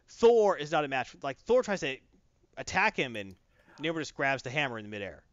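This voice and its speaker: Guy excitedly recapping a comic, voice jumping all over, kinda muffled audio. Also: a little high, normal speed, smooth, dry recording. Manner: animated, storytelling, quoting characters. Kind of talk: casual chat recapping a comic. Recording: dull lo-fi, dry.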